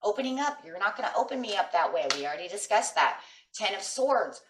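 Talking fairly quickly with lively intonation in a mid-range voice, a middle-aged woman gives her viewers a chatty, emphatic tarot reading full of "right?" check-ins. She's far from the mic in an echoey room, with background noise.

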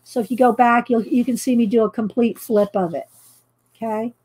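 A woman's voice: a little high, fairly even intonation, brisk, warm tone. A middle-aged woman from Texas with a light Texan accent, chatting casually and rambling while she colors on a live stream. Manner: chatty, rambling, laughs often. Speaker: artist vlogger.

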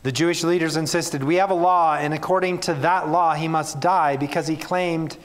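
Reading scripture aloud before addressing his church plainly and earnestly, this pastor preaches a sermon. His voice is fairly high and steady, and he speaks at a normal speed.

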